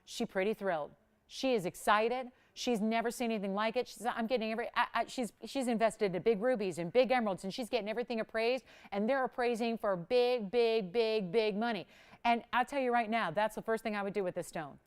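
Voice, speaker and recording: A woman hosting a live jewelry shopping show, pitching with energy and counting prices down urgently. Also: brisk, clear, resonant tone. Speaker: shopping channel host. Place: studio.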